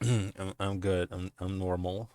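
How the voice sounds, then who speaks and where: A man's voice: low-pitched, steady tone, unhurried, a little mellow, clean tone, no room sound, studio quality. A man streaming a text game, reading its narration aloud and breaking off into giggles and profane asides.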